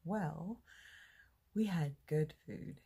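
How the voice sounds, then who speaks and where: A woman with a low, gravelly voice chats to the camera in an easygoing diary vlog. She speaks slowly and sounds husky and rough-edged. Her tone is upbeat and self-deprecating. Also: dark tone. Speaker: vlogger.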